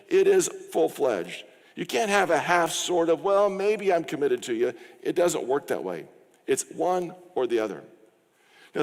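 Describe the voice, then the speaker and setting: Middle-aged male pastor in a reverberant hall. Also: fairly high pitch. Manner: conversational, acts out little quoted exchanges. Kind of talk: sermon. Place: church sanctuary. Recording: long reverb of a church hall.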